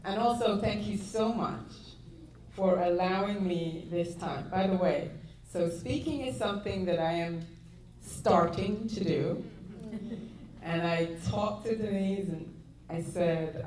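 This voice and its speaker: A woman with a British accent giving a motivational talk to an audience, in a measured, deliberate way. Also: medium pitch, a little mellow. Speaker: guest speaker. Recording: echoey hall with faint background noise.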